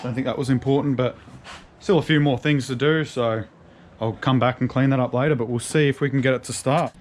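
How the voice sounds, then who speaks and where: A man, chatting casually as he works on a car in a garage, slangy and excitable. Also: mid-range voice, fairly quick, a little hiss or hum. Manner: excitable, slangy, talks to his dog. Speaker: car restoration vlogger.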